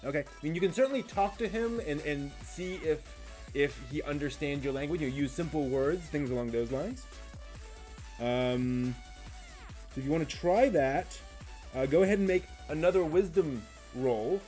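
A man's voice: on the high side, moderate pace, warm tone, soft background music. Rambling man running a tabletop game. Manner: rambling, many ums and restarts. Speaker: game master and miniature painter. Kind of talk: live-stream tabletop narration while painting.

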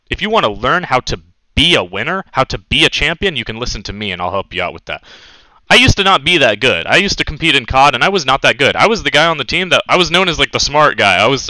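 Fast, fired-up ranting gamer guy. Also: medium pitch, bright, forceful tone, no room sound, rough recording. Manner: heated, profane, insistent. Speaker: competitive gaming content creator. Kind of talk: angry ranting monologue.

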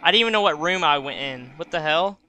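Young let's-play host, slightly high, jokey and jumpy. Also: male voice, expressive, fast, sharp tone, a little hiss or hum. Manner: jokey, easily startled, laughs. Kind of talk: gameplay commentary.

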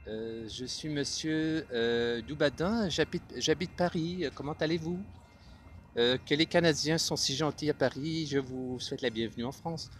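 A man voicing a polite, chirpy Parisian gentleman who gives a sing-song greeting. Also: a little high, normal speed, a little hiss or hum, voice pushed up, close to an everyday voice.

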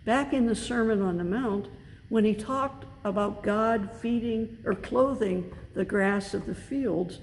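A woman pastor preaching a sermon in a church, measured and deliberate, leaning on key words for emphasis. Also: a little high, darkish tone. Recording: long reverb with faint background noise.

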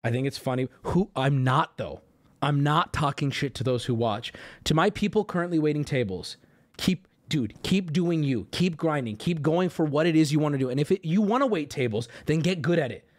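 A man streaming live, ranting casually and arguing back at his chat in a mocking, animated way. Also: on the high side, normal speed. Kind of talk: casual livestream rant.

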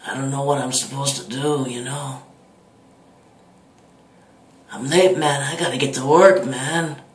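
A man's voice: medium pitch, normal speed, close to an everyday voice. A man doing an impression of a laid-back stoner man who drawls and tacks "man" onto almost every phrase, in an echoey room. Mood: mumbling.

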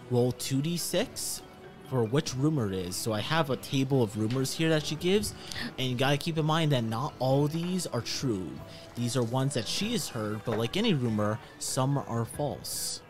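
A man's voice: medium pitch, animated, normal speed, over music. A man narrating as game master of a tabletop role-playing game, in a loose, joking way with filler words.

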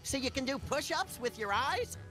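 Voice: sits high, animated, moderate pace, loud music behind the voice. A woman voicing a gleeful violent rabbity creature. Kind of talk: cartoonish video game voice acting.

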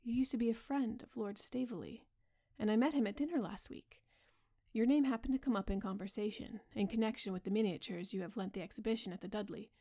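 A woman reads a grave, earnest painter, pleading with an old friend. His voice stays soft and low-key for a sleepy audiobook, with a gravelly fry underneath. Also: fast. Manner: earnest, pleading, softly spoken. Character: earnest grave male painter, middle-aged. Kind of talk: bedtime audiobook reading.

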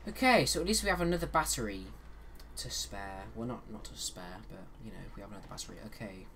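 A man's voice: fairly low pitch, animated, fast, noisy background. A man giving casual, chatty commentary on a horror game while he plays, with joking asides. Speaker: let's play host.

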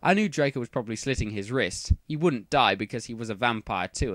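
A man reading fan fiction aloud for comedy, dropping deadpan sarcastic asides. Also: fairly low pitch, normal speed, no echo, clean studio sound.

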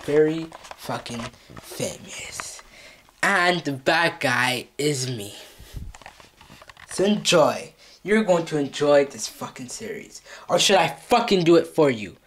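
A man's voice: fairly high pitch, animated, measured pace, few pauses, a bit bright, a little hiss or hum. Profane, taunting male vlogger. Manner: profane, mock-threatening, repeats taunts. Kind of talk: comedic scolding skit.

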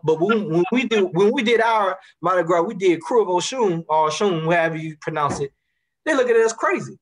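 A man's voice: high voice, lively intonation, a little fast. A man from Baton Rouge with a Louisiana accent, talking passionately in a casual conversation and repeating words as he builds his points. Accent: Southern US, Louisiana. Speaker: guest.

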